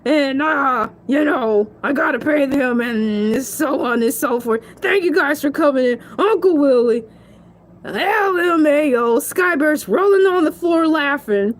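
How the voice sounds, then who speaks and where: A woman's voice: sits high, measured pace. A woman voicing a goofy, rambling male shark celebrity who giggles and stretches his words out in a comedic monologue. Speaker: show guest.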